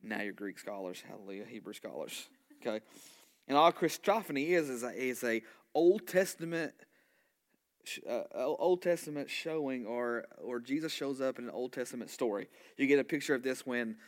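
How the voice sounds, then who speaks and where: A male pastor in full sermon mode, animated and conversational, stumbling into restarts and repeated words. He keeps checking in with rhetorical questions to his congregation. His voice sits at a middle pitch for a man. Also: moderate pace. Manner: asks the congregation rhetorical questions and call-and-response.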